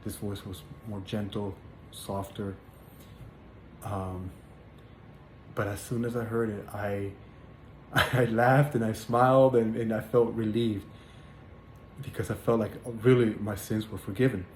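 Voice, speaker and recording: A man with a fairly low, darkish voice shares his religious testimony in an earnest, halting way, keeping a steady tone. He often stops for fillers and repeats words as he tells his story casually. The room sounds roomy, with faint background hiss.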